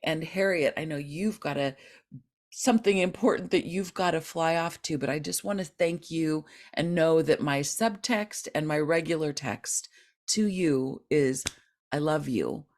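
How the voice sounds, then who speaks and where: Woman, podcast host, low voice, effusive, affirming, interview. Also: unhurried. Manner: effusive, affirming, animated when quoting.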